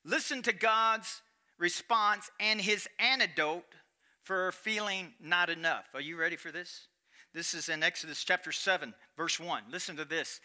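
A man preaching a sermon as pastor, emphatic and animated, acting out quotes with dramatic pauses. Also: high-pitched.

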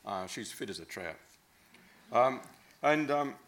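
A man's voice: medium pitch, expressive, takes it slowly, a bit bright. Rambling Australian man telling a story. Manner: rambling, hesitant with many fillers. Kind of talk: casual anecdotal storytelling.

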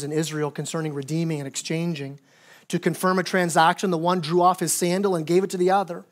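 A man preaching a sermon as pastor, telling a story with lively acted-out quotes and frequent self-repeats. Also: on the high side, quick pace. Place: church sanctuary.

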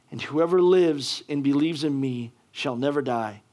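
A man's voice: mid-range voice, unhurried, hardly any pauses, darkish tone. A man preaching a sermon, talking casually with many restarts and building to fervent, emphatic delivery. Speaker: pastor.

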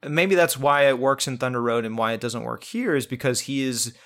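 A man's voice: mid-range voice, fairly quick, fairly bright tone. A man co-hosting a casual film review podcast, talking in a rambling way with many restarts and fillers. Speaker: podcast co-host.

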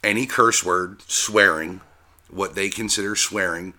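A man's voice: low-pitched, unhurried, sharp tone. A man co-hosting a casual podcast, teasing his partner with laughter and casual swearing. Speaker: podcast co-host.

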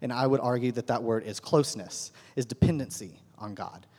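A man's voice: medium pitch, a little fast, darkish tone, slightly rough. A man giving a casual, conversational Bible lesson to a group, often checking in with his listeners. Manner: conversational, keeps asking "right?". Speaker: Bible teacher. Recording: long hall reverb.

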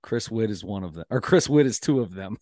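A man's voice: fairly low pitch, a little fast, no echo. Man, Midwestern accent, casual podcast chat, playful teasing, dry room. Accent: American Midwest. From American Midwest. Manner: animated storyteller, playful ribbing. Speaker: podcast co-host.

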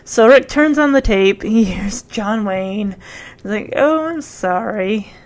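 A woman host giving a casual, animated recap of a TV episode, acting out the characters' lines and saying "like" often. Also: medium pitch, slow. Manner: animated storytelling, acts out characters' lines, frequent "like". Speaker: podcast host.

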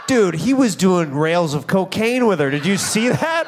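A man doing stand-up crowd work, riffing with the crowd and dropping into hushed pleading asides. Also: fairly high pitch, lively intonation, a little slow, hardly any pauses, a little hiss or hum. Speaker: stand-up comedian. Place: comedy club stage.

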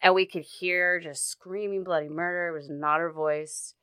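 Low-voiced woman telling a story. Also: fairly even intonation, fairly bright tone, smooth, dry recording. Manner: halting, many fillers and restarts. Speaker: guest recounting a personal story. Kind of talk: casual storytelling in conversation.

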